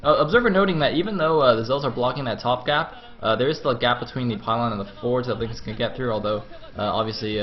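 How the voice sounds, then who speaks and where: Excitable male game commentator, lo-fi sound. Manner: excitable, voice jumps high at action. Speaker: esports commentator. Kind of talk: live play-by-play game commentary. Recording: dull lo-fi stream audio.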